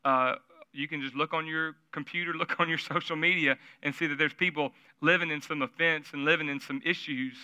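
A man's voice: fairly high pitch, fairly even intonation, fairly quick, sharp tone, clear, resonant tone, no room sound. A man preaching a sermon at a church service, telling stories in a conversational way and asking the audience questions. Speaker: pastor.

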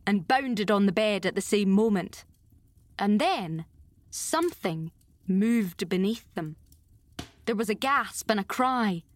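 A woman narrating a classic novel in a measured, expressive storytelling manner. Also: medium pitch, no room sound. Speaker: audiobook narrator. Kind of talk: scripted narration.

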